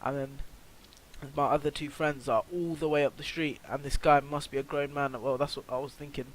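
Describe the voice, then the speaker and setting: Rambling teen lad, slightly high voice. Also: male voice, little pitch movement, a little fast, slight background noise, low-quality recording. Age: teens. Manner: rambling, filler-heavy, swearing. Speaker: vlogger. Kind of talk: storytime vlog.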